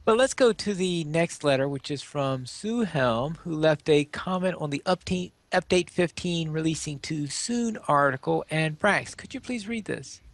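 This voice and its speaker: A man's voice: on the high side, expressive, normal speed, hardly any pauses, no room sound. A man hosting a casual podcast, reading out listener comments and passing letters to his co-hosts. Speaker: podcast host.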